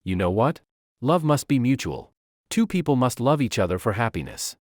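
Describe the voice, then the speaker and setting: A man's voice: mid-range voice, big pitch swings, normal speed, darkish tone, no echo, studio quality, lightly acted. A panicky young guy, a man doing it. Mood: panicked. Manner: panicky, pleading.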